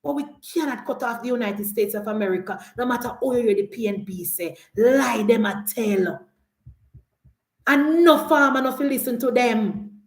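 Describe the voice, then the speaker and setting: Emphatic Jamaican woman, high, echoey. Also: normal speed. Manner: emphatic, repetitive, argumentative. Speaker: political commentator. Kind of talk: live political commentary show.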